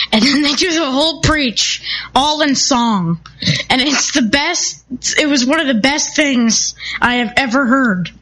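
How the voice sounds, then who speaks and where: A woman with a high voice chimes into a casual radio conversation. She talks eagerly and recommends things with enthusiasm. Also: a bit bright, low-quality recording.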